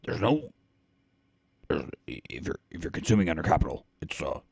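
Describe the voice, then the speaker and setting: A man doing an impression of a gruff, ranting male talk-radio firebrand, delivering an indignant tirade. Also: very deep voice, big pitch swings, moderate pace, a little mellow, no echo, full character voice.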